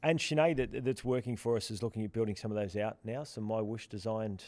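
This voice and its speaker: A man's voice: on the low side, fairly even intonation, fairly quick, a little mellow, no echo. A man co-hosting a podcast in casual chat, rambling with many restarts and fillers. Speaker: podcast co-host from the platform's team.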